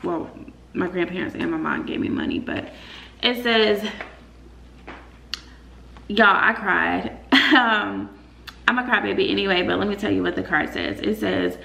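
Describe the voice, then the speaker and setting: A woman's voice: medium pitch, a little slow, creaky, pauses often, bright, forceful tone. A young woman vlogging in casual chat, talking straight to her viewers. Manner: chatty, talks straight to viewers. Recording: roomy echo, faint room noise.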